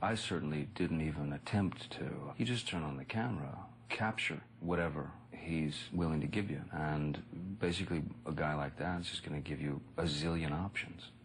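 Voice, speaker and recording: A man recounting anecdotes in a relaxed interview, rambling and laid-back with frequent "you know" and chuckles. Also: rumbling low, moderate pace, hardly any pauses, slight background noise. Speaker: actor recalling a colleague. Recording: music bed under speech.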